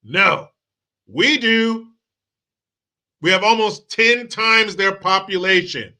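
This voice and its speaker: A man's voice: sits high, slow, bright, forceful tone, clear, resonant tone. A crude, mocking male commentary host. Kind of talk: profane political rant.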